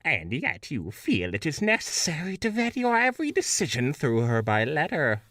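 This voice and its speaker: A regal female pony princess speaks with slow, cold authority, a man putting her on. Her haughty lines are pitched up a little from his low voice and swing widely. The mic sits a little far off in a dry, dead space. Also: huge pitch swings, fairly bright tone, no room sound. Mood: imperious. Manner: haughty, imperious and measured.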